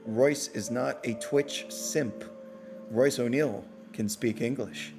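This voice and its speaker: A man's voice: medium pitch, takes it slowly, darkish tone, soft background music. A man hosting a casual live postgame show, bantering playfully with his audience and teasing himself. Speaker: podcast host.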